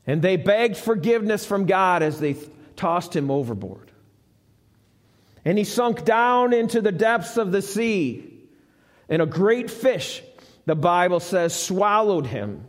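High-voiced pastor telling a story. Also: male voice, sing-song, takes it slowly. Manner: conversational, asks the congregation. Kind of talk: storytelling sermon. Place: church sanctuary. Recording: live church with long reverb.

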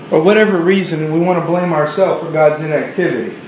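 High-voiced man preaching in an echoey room. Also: slight background noise. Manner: earnest and conversational, with drawn-out emphasis. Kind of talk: sermon.

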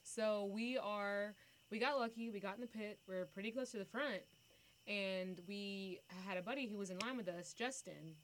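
An animated young woman storyteller, chatty and expressive. She shifts between quick asides and loud bursts as she relives the moment. A faint background hiss sits under her voice. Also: mid-range voice. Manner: animated, breaks into loud screams when acting out the story. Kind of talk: casual storytelling.

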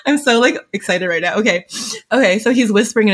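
A young woman co-hosting a podcast, recapping a book in an excited, laughing, squealing way. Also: medium pitch, quick pace. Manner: squealing, laughing, breathless fangirling. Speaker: podcast co-host.

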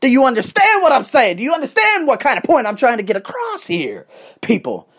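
Animated ranting man. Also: very high voice, a little fast, slightly rough. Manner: emphatic, profane and repetitive. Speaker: podcast host. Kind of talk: ranting motivational monologue.

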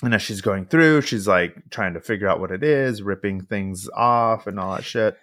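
A man co-hosting a podcast, casually recapping a film in animated bursts and acting out the characters' lines with plenty of swearing. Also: lowish voice, moderate pace. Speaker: podcast co-host.

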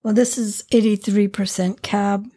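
Very breathy woman with dry asides. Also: medium pitch, fairly even intonation, a little slow, dark tone. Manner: dry, teasing asides, short replies. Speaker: wine show co-host. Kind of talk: casual wine tasting chat.

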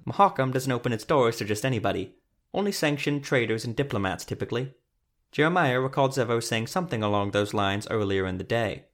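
A man narrating a fantasy story in a measured, steady reading voice. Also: mid-range voice.

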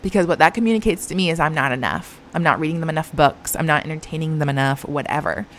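Woman, young adult, low voice, earnest, confiding, filler-heavy, mom vlogger, faint background noise. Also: quick pace. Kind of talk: candid personal talk to camera.

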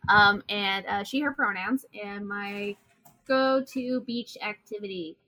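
Bright-toned woman at a game table. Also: medium pitch, takes it slowly, poor audio. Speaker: player. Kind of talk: casual tabletop banter.

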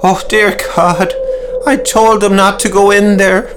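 A man voicing a weeping, panicked middle-aged townsman who pleads in a high, strained voice. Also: flat delivery, unhurried, background noise. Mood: sobbing.

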